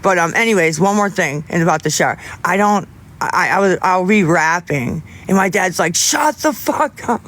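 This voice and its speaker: A young man livestreaming, chatting casually with viewers in a rambling, halting way with many restarts. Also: sits high, a bit bright.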